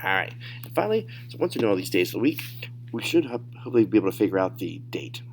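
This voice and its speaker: A man teaching a recorded Spanish lesson, modeling phrases slowly and explaining pronunciation. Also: lowish voice, sing-song, creaky, a little mellow, slight background noise. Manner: slow, deliberate modeling of phrases.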